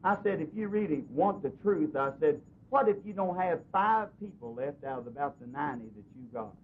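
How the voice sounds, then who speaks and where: A man preaching in a church, telling a personal story earnestly, his voice swinging between loud and soft. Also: lively intonation, fairly quick, slightly rough. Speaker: pastor. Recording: dull lo-fi recording with faint hiss and rumble.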